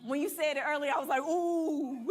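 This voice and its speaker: A woman's voice: high-pitched, steady tone, very fast. A woman teaching a church money class, blunt and playful, quizzing and coaching the room. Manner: blunt, playful, preachy, calls and asks the room.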